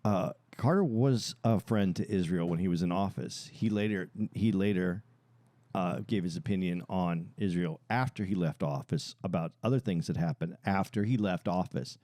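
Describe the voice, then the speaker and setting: A man's voice: low-pitched, warm tone, no room sound. A man co-hosting a podcast, explaining his views earnestly with frequent restarts. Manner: halting, restarts often, lectures earnestly. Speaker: podcast co-host. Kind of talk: casual podcast discussion.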